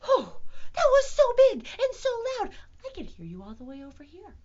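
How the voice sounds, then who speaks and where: A woman's voice: high voice, wildly swooping pitch, brisk, muffled recording. A woman leading a virtual storytime for young children, talking in a sing-song, exaggerated, playful teacher voice. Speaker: children's librarian.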